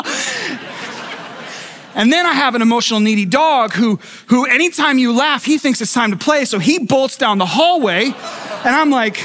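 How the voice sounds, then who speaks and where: A middle-aged male pastor preaching a sermon, telling a personal story with acted-out quotes and stumbling restarts. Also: very high voice. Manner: animated storyteller who acts out quotes and repeats words.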